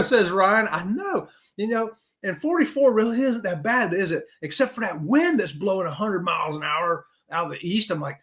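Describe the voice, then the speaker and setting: A middle-aged man hosts a casual live stream, chatting to viewers with a lively voice that swoops up high for emphasis. His speech sits fairly high for a man and keeps bouncing around. He sounds loose and neighborly, talking right to the people watching. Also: moderate pace. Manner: animated, talks straight to viewers with "y'all", swoops high for emphasis. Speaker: host of a live cruise chat show.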